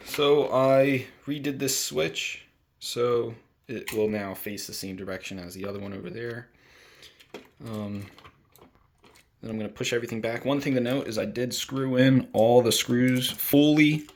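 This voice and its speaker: A young man talking through a home wiring job in a relaxed, thinking-aloud way. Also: medium pitch, a little slow, a little hiss or hum. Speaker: DIY video host. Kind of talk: casual how-to narration. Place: indoors in a home bathroom.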